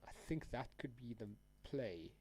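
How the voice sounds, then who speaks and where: A man's voice: mid-range voice, animated, unhurried, darkish tone, slightly rough, no room sound. Dude rambling on his stream, slangy, laughs a lot, dry close mic. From South Africa. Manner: laid-back, rambling, slangy, laughs often. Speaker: trading livestreamer. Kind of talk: casual live-stream chat.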